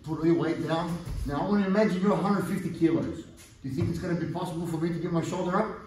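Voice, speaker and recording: A man's voice: a little high, steady tone, quick pace, darkish tone. A man teaching a jiu-jitsu seminar, directing a partner on the mat with coaxing, direct commands while he demonstrates. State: strained, pressed under a partner's weight at times. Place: large indoor training gym. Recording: echoey gym, mic far off, some noise.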